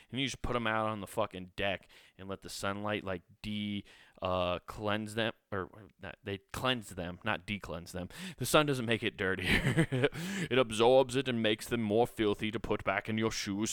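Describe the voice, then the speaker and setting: A man talks through his podcast in a loose, rambling way, full of swearing and "uh"s. His voice is low and smooth. The sound is dry and close, with no room echo. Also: a bit bright. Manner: rambling, profane, lots of fillers. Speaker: podcast host. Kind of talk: casual solo podcast chat.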